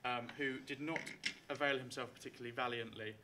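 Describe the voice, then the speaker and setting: A man's voice: mid-range voice, fairly even intonation, a little fast, noisy background. A man narrating a tabletop game as game master before a live audience, chatty and full of fillers. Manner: hesitant, many fillers, chatty.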